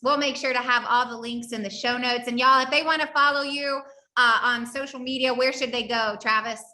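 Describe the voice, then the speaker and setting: A woman's voice: fairly high pitch, steady tone, fairly quick, sharp tone, reverberant. A woman with a Southern accent hosting a podcast interview, effusive and casual, often saying "y'all". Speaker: podcast host.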